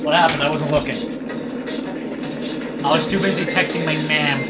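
A man's voice: on the high side, fairly even intonation, normal speed. A man joking around and bantering while playing a video game with a friend. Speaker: let's play co-host. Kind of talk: casual game commentary. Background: loud video game music.

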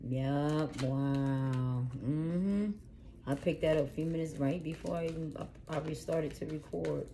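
A woman with a low-pitched voice gives a casual tarot reading straight to camera. She curses freely, dropping to quiet murmurs and then rising into loud, heated rants. A faint hum of noise sits behind her. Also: unhurried. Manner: profane, swings from low murmurs to loud ranting. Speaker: tarot reader.

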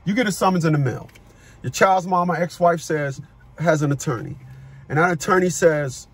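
A middle-aged man who coaches people on child support, talking forcefully on a call, cursing and repeating words as he starts sentences. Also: fairly high pitch, normal speed, breathy edge. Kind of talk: phone consultation with a caller.

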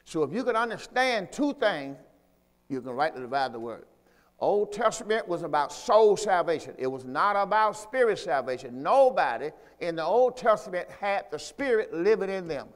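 High-voiced man preaching in a reverberant hall. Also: sing-song, normal speed. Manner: call-and-response preaching, asks congregation to repeat; repetitive, emphatic teaching delivery. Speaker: pastor. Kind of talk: sermon. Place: church.

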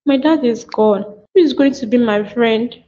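A woman with a Nigerian accent voicing a pregnant widow who is crying for her dead husband in an animated drama. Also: a little high, moderate pace, a little hiss or hum, natural voice. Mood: weeping. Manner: sobbing, wailing. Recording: muffled echoey home recording.

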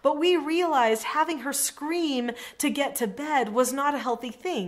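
A middle-aged woman coaching parents in a direct-to-camera lesson, earnest and encouraging, telling a story from her work. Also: fairly high pitch.

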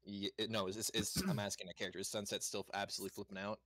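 A man playing a tabletop game, describing his character's actions in a relaxed way. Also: on the low side, racing. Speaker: player. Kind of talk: casual tabletop play.

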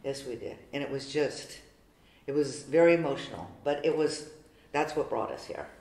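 A woman's voice: low-pitched, normal speed, darkish tone. Older woman, roomy church echo. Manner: chatty, heartfelt. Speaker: parishioner. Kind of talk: personal storytelling interview.

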